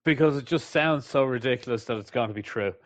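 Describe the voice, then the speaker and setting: A man's voice: medium pitch, quick pace. A man co-hosting a casual podcast, giving short dry replies and laughing a lot. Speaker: podcast co-host. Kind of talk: casual chat. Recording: dull lo-fi sound.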